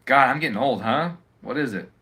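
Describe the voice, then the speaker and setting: A man's voice: medium pitch, expressive, fairly quick, bright, forceful tone, slightly rough. Profane, sarcastic man ranting on a livestream. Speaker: live streamer. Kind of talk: casual livestream rant. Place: at home.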